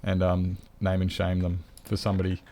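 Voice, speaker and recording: A man's voice: low voice, completely flat delivery, normal speed, dark tone, a little hiss or hum. A man streaming a game live, chatting loosely with viewers and rambling to himself. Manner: rambling, chatty, greets viewers, talks to his cat. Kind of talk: casual live-stream chat.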